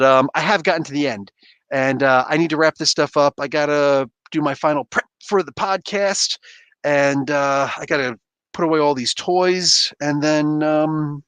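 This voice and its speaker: A man's voice: a little high, fairly bright tone, no room sound. Laid-back man, dry close sound. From Canada. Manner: laid-back, laughs often, self-deprecating. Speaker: livestream host. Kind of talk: casual chat reading viewer comments.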